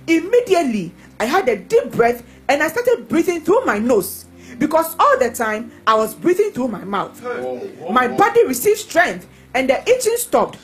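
A woman reading testimonies aloud in a lively, expressive way. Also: high voice, normal speed, rough recording.

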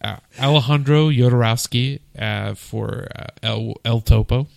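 A man's voice: mid-range voice, unhurried, vocal fry, a little mellow, dry recording, clean studio sound. A man co-hosting a podcast, chatting casually about films and often hunting for names. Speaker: podcast co-host.

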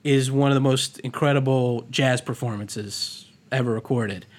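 A man's voice: medium pitch, steady tone, normal speed. A man co-hosting a podcast in casual, playful chat from the Philadelphia area, restarting sentences as he goes. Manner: playful, jokey, restarts often. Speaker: podcast co-host.

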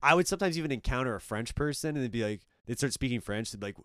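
A man's voice: medium pitch, lively intonation, racing, a bit bright, clear, resonant tone, no echo, clean studio sound. A man from Orange County, chatting casually as a podcast guest in a rambling, laid-back way full of "kinda" and "dude". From Orange County, California. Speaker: podcast guest, comedy show organizer. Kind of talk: casual chat.

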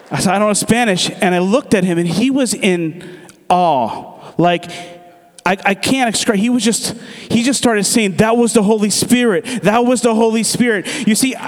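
A man from the States giving a sermon testimony, telling his story with animation and acting out the dialogue. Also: high voice. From United States. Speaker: church speaker giving testimony. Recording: long reverb of a large hall.

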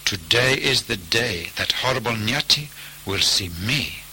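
A man's voice: fairly low pitch, animated, unhurried, bright, forceful tone, slight background noise, heavily acted, poor audio. A man voicing a vengeful, mighty male fire spirit that calls out insistently in a storybook tale. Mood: menacing.

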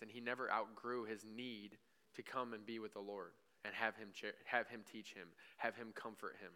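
A man's voice: on the low side, bright, forceful tone, smooth. A male pastor preaching a sermon in a church, in a conversational way, with frequent "right?" asides and short acted-out bits of imagined dialogue. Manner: acts out imagined dialogue with God.

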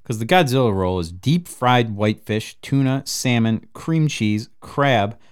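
A man hosting a podcast in loose, profane casual chat, laughing often and bursting with excitement. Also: medium pitch, a little slow, clear, resonant tone. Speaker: podcast host.

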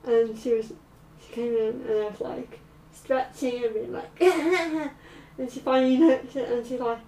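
Slow, halting woman in a roomy space. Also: fairly high pitch, steady tone, warm tone. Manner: halting, slow, with many fillers. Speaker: vlogger. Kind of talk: personal storytelling. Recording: roomy, distant mic.

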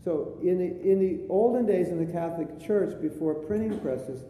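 A man as spiritual teacher giving a chatty sermon with jokes, in a live recording from an echoey hall with a faint rumble. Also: normal speed, warm tone. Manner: chatty storytelling, jokey asides.

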